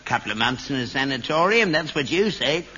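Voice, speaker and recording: A man's voice: medium pitch, expressive, a little fast, sharp tone, breathy edge, highs cut off. An actor playing a selfish, cantankerous elderly father, grumbling and blunt, in an old sitcom recording. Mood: mocking. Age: older. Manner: grumbling and self-pitying, blunt.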